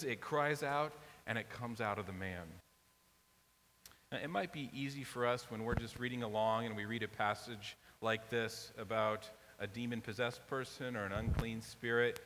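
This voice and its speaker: A man's voice: mid-range voice, fairly bright tone. A man preaching a sermon in an emphatic, conversational way. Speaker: pastor. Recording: long reverb, faint hiss.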